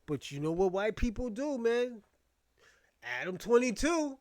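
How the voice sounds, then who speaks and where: Guy from boston ranting, pretty high voice, blunt and cussing a lot, keeps repeating himself. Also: animated, measured pace, darkish tone. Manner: heated, blunt, profane and repetitive. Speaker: commentary host. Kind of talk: casual rant commentary.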